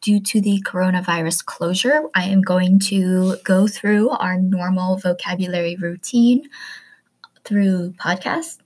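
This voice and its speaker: A woman teacher recording a vocabulary lesson, slowly pronouncing each word and explaining it with everyday examples. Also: lowish voice, fairly even intonation, a little mellow. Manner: slow, careful pronunciation drills.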